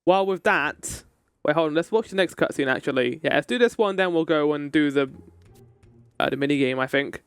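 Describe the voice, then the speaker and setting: A man's voice: on the high side, fairly quick, clean tone, no echo. A man streaming a game, reading its dialogue aloud and joking with chat in casual commentary. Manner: reads game text aloud, then jokes to chat.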